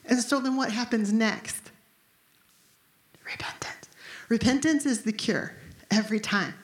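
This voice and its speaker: Woman preacher, 50s, lively and dramatic, talks straight to the congregation, roomy echo. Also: on the high side, normal speed. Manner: animated, emphatic, conversational preaching. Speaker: pastor. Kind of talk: sermon. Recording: echoey room.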